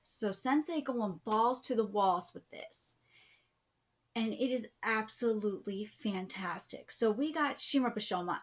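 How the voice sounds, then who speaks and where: A woman in her thirties hosts a live reaction video, speaking in a voice pitched a little above average. She gushes with strong emotion and keeps sinking into breathy, whispered exclamations. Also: animated, measured pace. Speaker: YouTube manga reaction host.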